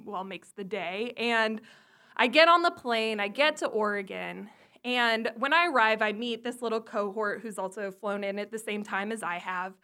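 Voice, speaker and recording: A woman telling a comic personal story in an animated way, swearing freely. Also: medium pitch, moderate pace.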